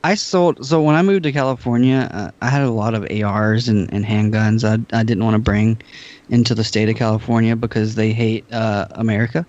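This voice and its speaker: A young man from Georgia on a casual podcast, telling stories in an animated way and acting out both sides of a conversation. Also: on the low side, brisk. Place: home, California. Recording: dull lo-fi remote audio.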